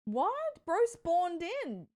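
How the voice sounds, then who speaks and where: A woman's voice: very high voice, expressive, slow pace, a little mellow. A woman streamer chatting casually with her viewers and reacting to videos with frequent laughter and amused exclamations. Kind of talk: casual live-stream chat, reacting to clips.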